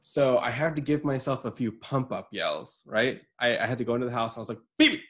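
A man co-hosting a podcast, telling a story in casual chat, swearing and breaking into laughter and yells. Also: mid-range voice, fast. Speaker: podcast co-host.

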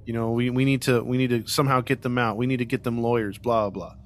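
Casual male podcast host, mid-pitched, rambling with fillers and sarcastic jabs. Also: flat delivery, quick pace. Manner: rambling, frequent "you know" fillers and restarts. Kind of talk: casual true-crime storytelling chat.

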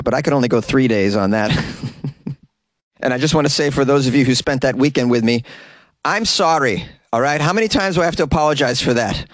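A man's voice: mid-range voice, dry recording. A man hosting a comedy news podcast, reading stories with wry, jokey asides. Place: closet. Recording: dry closet recording.

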